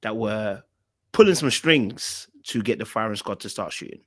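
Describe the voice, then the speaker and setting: A man hosting a podcast interview, asking pointed questions and restating the answers to make them clear. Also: fairly low pitch, lively intonation, normal speed, a bit bright. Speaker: podcast host.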